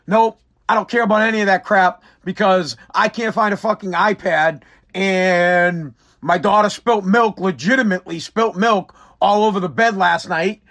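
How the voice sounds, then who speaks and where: A tired man rants on his own casual solo podcast, rambling in a profane, exasperated way. His voice is high and fairly bright, at a moderate pace.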